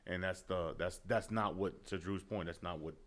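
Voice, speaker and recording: A man's voice: deep voice, fairly even intonation, normal speed, a bit bright. A male business owner hosting a podcast, talking in a casual, emphatic way and often saying "man" and "bro.". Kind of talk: casual chat.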